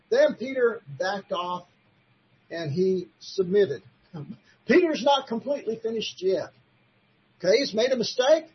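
A man's voice: sits high, slightly rough, highs cut off. A man preaching in a sermon-style Bible study, emphatic and fond of rhetorical questions. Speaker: preacher teaching a Bible class.

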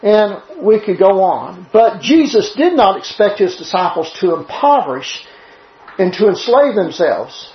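A man preaches with a lively, swinging pitch, pressing his points with emphatic rhetorical questions. His voice carries in a roomy space. The recording is a little dull and muffled. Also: unhurried. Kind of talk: sermon-style Bible teaching. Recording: roomy, slightly dull sound.

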